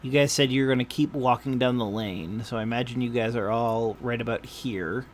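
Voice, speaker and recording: A man's voice: mid-range voice, fairly even intonation, moderate pace, slight background noise. A man narrating as game master in a tabletop session, hesitant and full of fillers.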